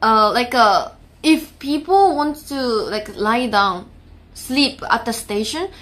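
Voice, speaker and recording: A young woman speaking English with a Japanese accent, in a high, bright voice, slow and unhurried. She chats casually with her stream viewers, laughing often and pausing to find the right English words. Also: animated.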